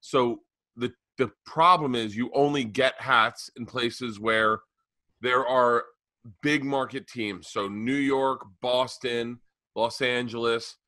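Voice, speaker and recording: Bright-voiced rambling male podcast co-host. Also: medium pitch, fairly even intonation, slow pace, no echo. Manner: rambling storyteller, acts out exchanges; profane. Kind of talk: casual comedic chat.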